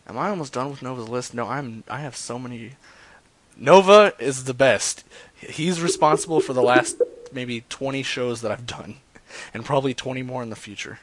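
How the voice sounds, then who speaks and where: In a mid-range voice and a little fast, this man hosts a prank-call stream full of casual, rambling talk. His humor is crude and joking, and he tends to trail off into mumbles.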